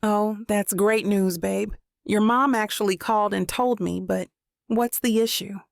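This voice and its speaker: A woman narrating an audiobook voices a relaxed, affectionate young boyfriend. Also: mid-range voice, a little slow, creaky, no echo, clean studio sound. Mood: easygoing. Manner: relaxed, calls her babe.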